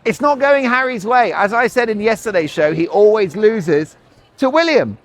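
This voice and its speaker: A talk show host in his forties delivers rambling, sarcastic commentary in a chatty way. His voice sits fairly high for a man. He is outdoors, with faint noise behind him. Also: lively intonation, moderate pace. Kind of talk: opinionated commentary.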